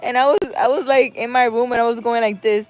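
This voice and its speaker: A woman's voice: fairly high pitch, fairly even intonation, fast talker, a little hiss or hum, poor audio. A young woman, a spiritual healer, telling a story in a casual, chatty way. She repeats her phrases and acts out the voices in her retelling. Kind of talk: casual late-night storytelling.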